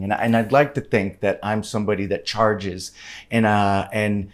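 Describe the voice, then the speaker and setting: A man in his fifties, a guest on an interview podcast, telling stories in a candid, animated way with casual swearing. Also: fairly low pitch, moderate pace. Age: 50s.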